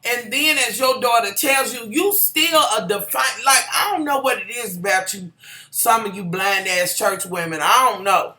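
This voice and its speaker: A vlogger recapping a TV episode in a sassy, profane, animated rant. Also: medium pitch, moderate pace. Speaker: TV show reviewer. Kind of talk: casual ranting recap. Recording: echoey room.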